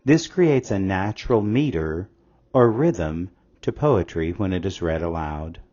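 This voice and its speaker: A man narrating a scripted English lesson in a slow, measured, explanatory way. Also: deep voice, animated, warm tone. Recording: slightly dull lo-fi audio.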